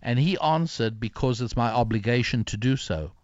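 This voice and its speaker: A man's voice: medium pitch, normal speed, a little mellow, dry recording. Older male author as interview guest, reflective storyteller, dry dull audio. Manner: reflective, many fillers and restarts.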